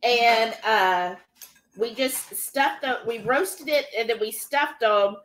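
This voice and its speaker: Bright-voiced woman chatting on a live stream. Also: a little high, takes it slowly. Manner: chatty and rambling, with many fillers. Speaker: livestream cooking host. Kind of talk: casual livestream chat, reading viewer comments aloud. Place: home kitchen.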